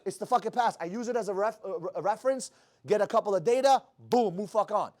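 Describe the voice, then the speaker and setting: A man's voice: sits high, fast talker, darkish tone. A man in his thirties giving a blunt, profane, fired-up motivational talk. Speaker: motivational speaker.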